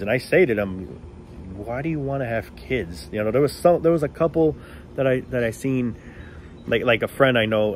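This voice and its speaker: Man, middle pitch, blunt profane sarcastic rant, faint background noise. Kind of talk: casual rant to camera.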